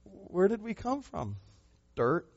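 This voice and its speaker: A pastor preaching a sermon, a man who speaks with emphasis, asks rhetorical questions and moves between loud and soft passages. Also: high voice, sing-song, slow, creaky, slightly rough, lo-fi sound.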